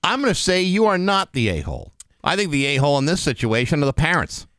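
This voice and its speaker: A man co-hosting a morning radio show, weighing in with blunt opinions. His voice is fairly high, smooth and expressive. He stumbles over his words when he gets worked up. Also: fast, no room sound, studio quality. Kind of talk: casual studio chat. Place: radio studio.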